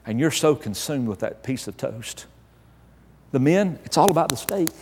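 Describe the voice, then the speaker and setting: A married man preaching a humorous sermon, telling a story with emphatic, animated delivery that swells into exasperated outbursts. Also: mid-range voice, normal speed, noisy background. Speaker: pastor. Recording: reverberant hall.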